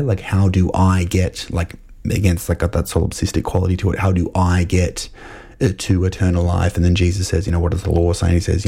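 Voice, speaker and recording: A man's voice: low-pitched, gravelly, warm tone, husky. A young man hosting a show, talking through ideas in a thoughtful, rambling way with many fillers and restarts. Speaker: podcast host discussing a film. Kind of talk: casual analytical talk.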